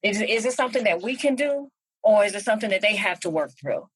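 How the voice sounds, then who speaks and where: Woman podcast host, kinda husky voice, encouraging, asks questions, dry sound. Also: medium pitch, lively intonation, quick pace, no echo, low-quality recording. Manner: encouraging, frequent affirming murmurs. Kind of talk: interview questions and affirming responses.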